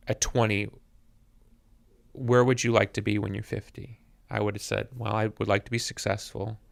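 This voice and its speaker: Gravelly low-voiced man in his fifties. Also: a bit bright, no room sound. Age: 50s. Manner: thoughtful, repeats words while finding them. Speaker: musician guest. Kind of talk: reflective interview conversation. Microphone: podcast mic.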